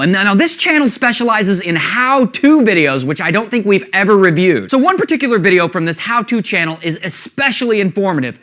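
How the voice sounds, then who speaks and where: A man hosting a comedy video review show, joking in an energetic, animated way. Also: sits high. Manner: animated, jokey, shifts voices.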